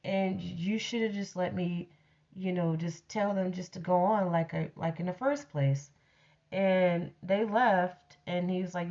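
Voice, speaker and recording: A woman talks through a personal story at an unhurried, drawn-out pace, blunt and freely profane. Her voice comes through a dull, lo-fi recording with muffled highs. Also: a little mellow. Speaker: storyteller host. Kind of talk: casual storytelling monologue.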